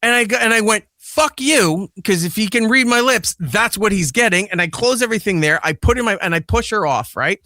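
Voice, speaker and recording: This podcast host, a father, rattles off a casual, curse-laden story at a quick pace with hardly any pauses, acting out every quoted line. His voice is high-pitched, and the studio sound is clean with no echo.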